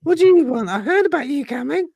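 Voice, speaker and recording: A man voicing a cheeky, rude little male talking mongoose in a squeaky, nosy voice. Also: lively intonation, fast, gravelly, a little mellow, no echo, exaggerated voice. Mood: curious.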